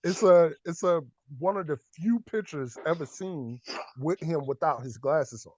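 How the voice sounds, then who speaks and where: A man co-hosting a casual podcast, joking and bursting into loud laughter with his friends. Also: fairly high pitch, unhurried, dry recording. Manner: animated, loud laughing outbursts. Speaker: podcast co-host. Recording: dull lo-fi dry sound.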